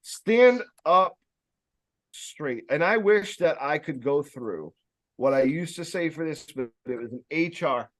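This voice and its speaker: A man giving a casual sales training talk, speaking loudly and emphatically, with rambling jokey asides and plenty of fillers. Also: a little high, animated, moderate pace. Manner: loud, emphatic, projecting voice.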